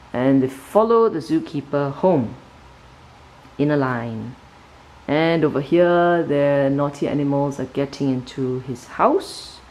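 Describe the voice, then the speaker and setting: A woman reviewing a children's picture book in a casual flip-through, narrating the pages in an animated storytelling way and often checking in with "right?". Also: a little hiss or hum, low-quality recording. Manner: animated storytelling, sudden pitch jumps on key words.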